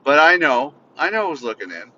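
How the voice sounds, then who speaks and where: A man's voice: very animated, normal speed, sharp tone. A man hosting a podcast from inside a car, bitterly venting in an unscripted, profane solo rant. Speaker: podcast host. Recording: slightly muffled, faint vehicle rumble.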